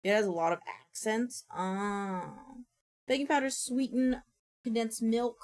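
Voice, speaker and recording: A woman's voice: on the high side, fairly even intonation, a little slow, a little mellow. A woman streamer chatting casually and thinking aloud, often mumbling to herself at a desk microphone. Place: home streaming setup.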